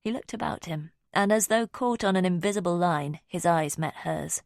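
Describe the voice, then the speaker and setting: A woman narrating a mystery audiobook in a measured, even way. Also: on the low side, gravelly, dry recording, studio quality.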